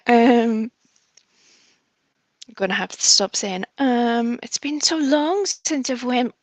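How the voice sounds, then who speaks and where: A woman's voice: fairly high pitch, expressive, slow, no room sound. A woman hosting a livestream, greeting viewers by name in a chatty, giggly, affectionate way. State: a bit nervous. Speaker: livestream host. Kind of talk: casual chat greeting viewers.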